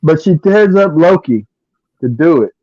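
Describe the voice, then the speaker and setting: A man's voice: on the high side, expressive, normal speed, mellow, no room sound. A man co-hosting a podcast, chatting casually in a rambling way and laughing often. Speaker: podcast co-host. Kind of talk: casual chat. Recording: dull, lo-fi dry sound.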